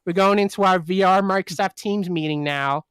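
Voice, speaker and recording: A man's voice: sits high, moderate pace, a bit bright, clear, resonant tone, no room sound. A man putting on a mock American accent to voice an annoying male middle manager, pushy and chirpy.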